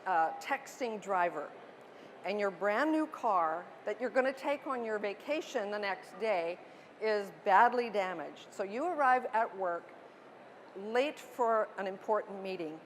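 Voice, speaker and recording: Middle-aged female parenting speaker, light higher voice, emphatic and earnest presenter. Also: slight background noise. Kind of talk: presentation to an audience. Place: book expo talk.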